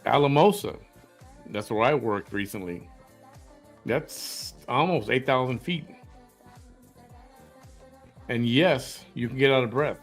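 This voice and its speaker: A man's voice: mid-range voice, lively intonation, slow, long pauses, faint music behind. A man hosting an opinion commentary, reacting to clips in a blunt, confrontational way and firing rhetorical questions. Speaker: host.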